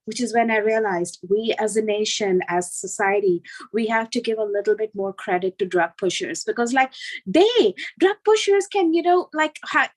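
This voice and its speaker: A middle-aged woman doing a self-deprecating stand-up set, telling animated stories with lots of fillers. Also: mid-range voice, normal speed, low-quality recording. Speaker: stand-up comedian.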